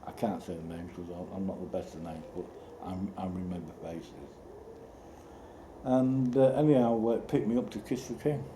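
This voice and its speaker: A man telling a rambling personal story in a halting way, with restarts and sudden outbursts. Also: sits low. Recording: roomy echo with loud background noise.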